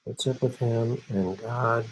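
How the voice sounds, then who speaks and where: A man's voice: mid-range voice, steady tone, takes it slowly, a little hiss or hum, rough recording. A middle-aged man hosting a political live stream, reading viewer chats in a blunt, sarcastic, profane way. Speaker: political show host.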